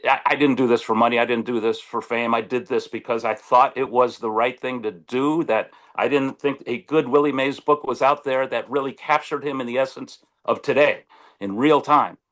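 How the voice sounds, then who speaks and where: A man chats over a video call, telling stories in a voice of ordinary middle pitch. He is animated and restarts his sentences often. He acts out the lines of the people in his stories. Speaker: sportswriter guest. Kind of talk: casual storytelling on a video call.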